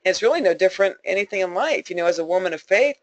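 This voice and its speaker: A woman's voice: fairly low pitch, animated, rapid-fire, no room sound. A woman leading a sales team, giving a motivational conference call talk in a folksy, emphatic way, repeating points for emphasis and laughing often.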